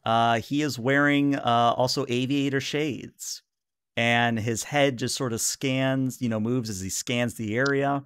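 A man narrating a tabletop role-playing game as game master, relaxed and filling pauses with "uh". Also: mid-range voice, clear, resonant tone, no echo, clean studio sound. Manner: relaxed narration with many "uh" fillers.

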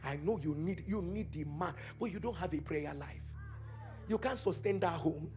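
A man preaching a charismatic sermon, swinging between quiet teaching and shouted, chanted prayer declarations. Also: on the high side, normal speed, soft background music. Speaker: pastor.

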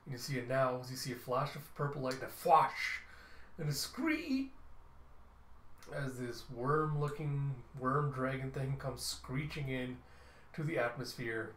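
A man's voice: medium pitch, fairly bright tone, a little hiss or hum. A man reviewing a comic book, narrating the panels in a loose, offhand way with fillers. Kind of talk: casual comic read-through narration. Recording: roomy echo.

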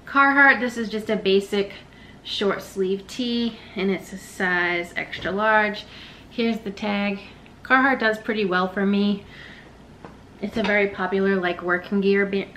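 Bright-voiced chatty woman vlogger. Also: mid-range voice, a little hiss or hum. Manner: quick, chatty, self-deprecating asides. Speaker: reseller vlogger. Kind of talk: casual haul vlog. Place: living room, sitting on the floor.

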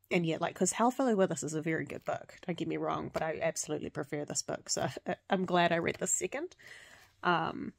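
A woman's voice: fairly low pitch, gravelly, dry recording. A woman in her thirties chatting casually at home about books, rambling with lots of fillers and restarts. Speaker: book vlogger. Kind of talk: casual chat.

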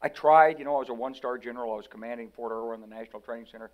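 A man's voice: mid-range voice, rapid-fire. An older man from the United States, a retired general, telling stories animatedly as a guest in a conversational interview. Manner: animated storyteller who acts out quoted voices.

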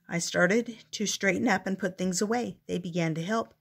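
Grandmother storyteller, husky, expressive read-aloud. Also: lowish voice, moderate pace, hardly any pauses. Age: older. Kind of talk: reading a picture book aloud.

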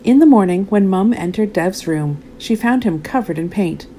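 A woman narrating a children's storybook aloud in an expressive, animated way. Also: medium pitch, moderate pace, a little hiss or hum.

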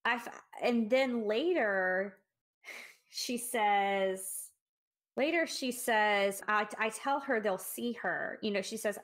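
A woman's voice: medium pitch, takes it slowly, a bit bright. Reflective woman co-hosting a book podcast. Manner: reflective, thinking aloud with restarts. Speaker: podcast co-host. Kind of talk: casual book discussion.

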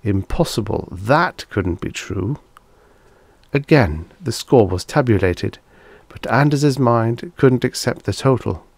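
A man narrating a vintage science fiction audiobook in a measured, deliberate reading. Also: medium pitch, lively intonation, creaky, dry recording. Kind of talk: scripted narration.

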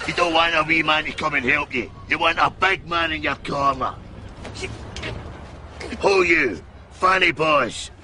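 A man's voice: on the high side, measured pace, pauses often, pushed and bright, slight background noise. A man with a Scottish accent playing a brash, boastful "big man" in a mock advert sketch.

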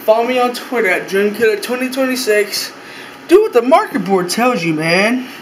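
A man's voice: high-pitched, expressive, normal speed, reverberant, slight background noise, rough recording. A young man vlogging casually from his bedroom, rambling, swearing a lot and repeating himself. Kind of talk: casual room-tour vlog.

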